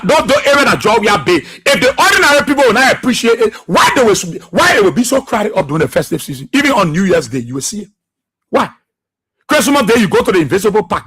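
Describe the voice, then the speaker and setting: High, bright, husky Liberian man. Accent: Liberian English. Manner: impassioned, repetitive, preachy. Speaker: radio talk show host. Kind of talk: political commentary monologue.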